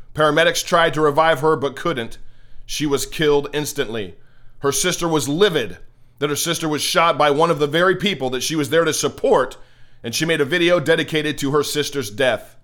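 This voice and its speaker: A man's voice: a little high, moderate pace, a bit bright. An American man hosting a political commentary show, delivering an impassioned, preachy monologue and often repeating words as he starts a thought. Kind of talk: opinionated monologue.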